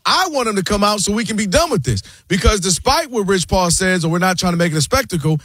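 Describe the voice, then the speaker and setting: A man's voice: high-pitched, expressive, fast, a bit bright, slightly rough, no echo, clean studio sound. A man co-hosting a sports talk show, making long, impassioned arguments and addressing his co-host by name. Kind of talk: animated sports debate.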